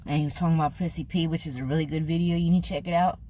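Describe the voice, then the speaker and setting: Brief: older Californian woman vlogging at home, earnest and slangy, lowish voice, faint room hum. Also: fairly even intonation, very fast, mellow. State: choked up. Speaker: food vlogger. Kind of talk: casual heartfelt talk to camera.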